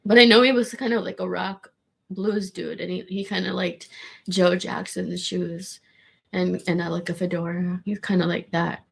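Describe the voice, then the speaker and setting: A woman with a gravelly voice, rambling casually in a monologue with restarts and swearing. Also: on the low side, flat delivery, moderate pace. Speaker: vlogger.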